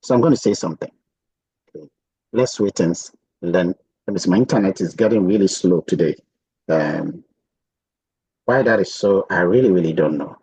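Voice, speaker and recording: A man walking viewers through software on his screen, chatty and thinking aloud with frequent "okay"s. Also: deep voice, a little fast, long pauses, slightly rough, dry recording, rough recording. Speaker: software tutorial presenter. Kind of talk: casual screen-share tutorial.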